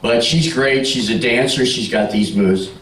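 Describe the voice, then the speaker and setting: Speaking at a normal speed with a medium-pitched, fairly bright tone, a sixty-something stand-up tells jokes and anecdotes to partygoers and answers them back. It's recorded in a party room with a live crowd, roomy and with a distant-sounding mic.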